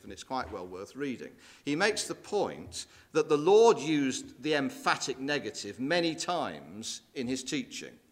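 A man preaching a sermon, walking listeners through scripture passages and asking rhetorical questions. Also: medium pitch. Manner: expressive, rising and falling emphasis with rhetorical questions; quotes scripture in old-fashioned wording.

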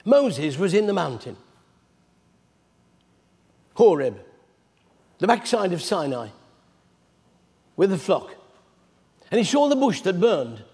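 A man's voice: high-pitched, takes it slowly, long pauses. A man preaching a sermon, retelling scripture stories in a chatty storyteller manner. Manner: conversational storytelling, animated retelling. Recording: long hall reverb.

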